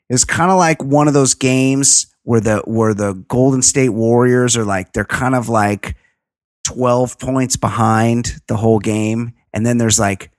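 A man's voice: mid-range voice, dry recording. Guy cohosting a podcast, swears a lot, gets worked up, dry sound. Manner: animated, profane retelling with laughs. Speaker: podcast co-host. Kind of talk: casual chat.

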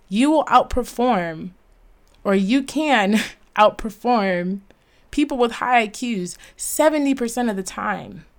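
Woman, podcast host, solo motivational talk, earnest, emphatic, mid-pitched voice. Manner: earnest, emphatic, laughs at herself.

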